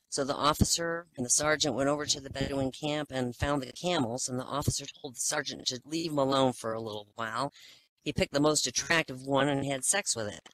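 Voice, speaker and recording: A man's voice: mid-range voice, fairly quick, pushed and bright, poor audio. Casual man telling dirty jokes. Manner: loose, casual storytelling with fillers. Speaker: joke teller.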